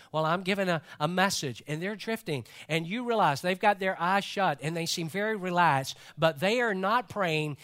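Guy preaching in church, fairly high voice, chatty, jokes with the crowd. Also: sharp tone. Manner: conversational preaching with asides to the congregation. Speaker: pastor. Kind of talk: sermon. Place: church service.

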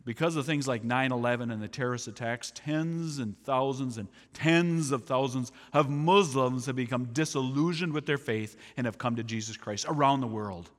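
A man speaks as a missionary, delivering an animated storytelling sermon and acting out the people he quotes. His voice sits at an ordinary middle pitch. It rings out with a long reverb, as in a large hall. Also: moderate pace, hardly any pauses.

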